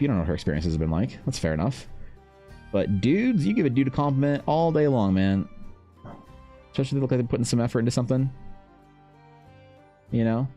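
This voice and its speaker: A man's voice: deep voice, warm tone. A young man streaming live, chatting casually with viewers, rambling, swearing freely, and calling everyone man or bro. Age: young adult. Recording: faint music behind.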